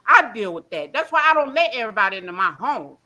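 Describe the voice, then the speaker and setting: An emotional woman calls in to a live show and vents in a blunt, profane, rambling way. Her voice is bright and a little high. She swings between heated outbursts and quieter, shaken moments. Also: very animated, fast talker. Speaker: caller on a livestream. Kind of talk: emotional call-in rant.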